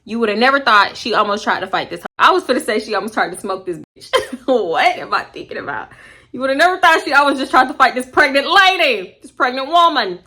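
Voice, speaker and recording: A woman's voice: high-pitched, big pitch swings, fast talker, bright, forceful tone. A young woman telling a storytime on her channel, blunt, slangy and gossipy. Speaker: storytime vlogger. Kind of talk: storytime vlog.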